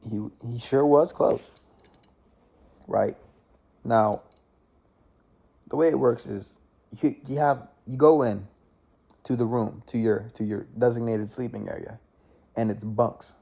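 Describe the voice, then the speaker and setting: A man's voice: medium pitch, dark tone, slightly rough. A young man telling a personal story in a casual, rambling way. He often checks in with "right?" and restarts his sentences. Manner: rambling, with many "right?" tag questions and restarts.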